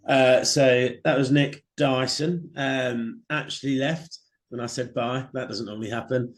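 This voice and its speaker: A man's voice: mid-range voice, steady tone, a little slow, a little hiss or hum. A man, co-hosting a podcast with jokey, banterish chat and casual swearing. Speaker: podcast co-host.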